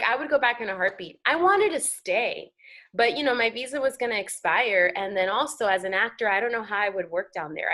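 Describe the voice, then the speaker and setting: Chatty American actress on a talk show. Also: female voice, medium pitch. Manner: animated, chatty, many fillers. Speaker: guest actor. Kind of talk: casual interview chat.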